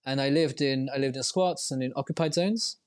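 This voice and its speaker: A man's voice: mid-range voice, brisk, clean tone. A man as a podcast guest, explaining at length in a reflective, winding way with frequent restarts. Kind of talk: podcast interview.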